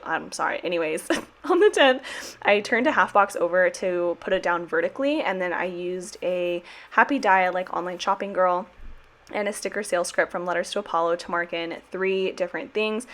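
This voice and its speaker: A woman's voice: lowish voice, a bit bright. A young woman giving a casual, chatty voiceover about her planner, bubbly and rambling, with slang and the odd swear word. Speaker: planner vlogger and sticker shop owner.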